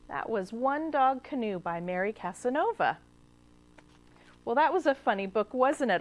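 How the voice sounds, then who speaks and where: High, animated woman reading a storybook. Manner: expressive, with gasps and questions to the children. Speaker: children's librarian. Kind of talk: reading a picture book aloud to children. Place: cable TV studio.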